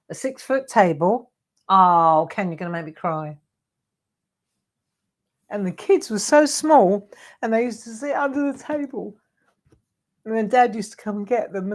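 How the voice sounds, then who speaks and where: An older woman, a craft show host chatting casually and rambling to viewers during a livestream. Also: medium pitch.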